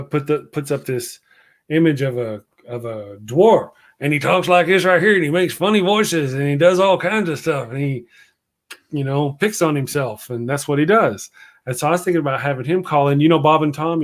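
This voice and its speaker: A man talking in a loose, casual chat. He rambles, restarts and trails off mid-thought, and turns teasing and animated when he tells a story. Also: a little high, brisk. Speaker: guest, morning show host.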